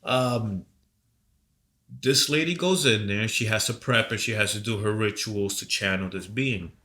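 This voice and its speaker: A man co-hosting a podcast, telling a long story in a rambling, profane, animated way while coming down with a cold. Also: lowish voice, unhurried. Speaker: podcast co-host. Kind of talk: casual storytelling chat.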